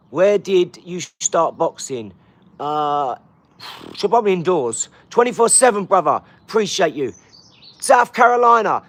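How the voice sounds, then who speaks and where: A man with an English accent runs a live stream, calling out viewers' hometowns one after another with bouncy energy. His voice sits high for a man. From England. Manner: energetic, shouting out places in quick bursts. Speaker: livestream host. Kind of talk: live-stream chat, reading out viewers' comments.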